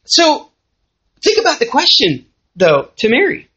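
Lively Southern woman teaching a church class. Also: high voice, a little slow. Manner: lively, conversational, asks the audience questions. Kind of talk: sermon. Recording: muffled lo-fi recording.

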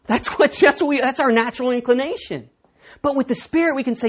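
A middle-aged woman preaching in a relaxed, conversational way, mixing scripture with self-deprecating jokes and stories. Her voice is husky and sits fairly high. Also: fast talker. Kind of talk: sermon.

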